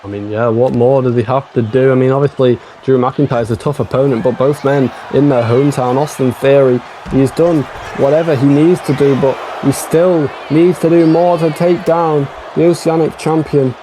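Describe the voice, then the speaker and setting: A man's voice: mid-range voice, fairly even intonation, normal speed, few pauses, warm tone, slight background noise. A man doing casual color commentary for a wrestling match, chatty, with swearing and a lot of "mate".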